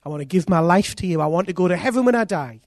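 A man's voice: high voice, racing, no room sound, studio quality. A man preaching a sermon, telling conversion stories and acting out the people in them with repeated phrases. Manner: animated, acts out quoted voices, repeats phrases. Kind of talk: sermon storytelling.

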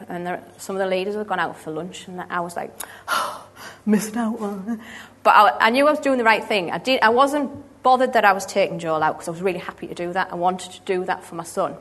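Woman, 30s, earnest church testimony, halting delivery, mid-range voice. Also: mid-range voice, a bit bright. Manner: earnest, halting, with many restarts. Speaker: church member giving testimony. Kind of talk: personal testimony storytelling.

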